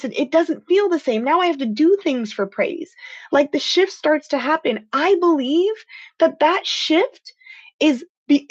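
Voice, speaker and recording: A woman with a fairly high voice talks earnestly and with feeling to her live-stream viewers. Her speech is heartfelt and encouraging, with a slightly dull, lo-fi sound. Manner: earnest, heartfelt and emotional, says "freaking" for emphasis. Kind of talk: motivational live-stream talk.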